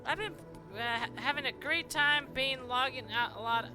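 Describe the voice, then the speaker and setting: A woman's voice: sits high, normal speed. A woman streaming a game live, chatting with viewers and thanking them, stumbling as she reads aloud. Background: game music.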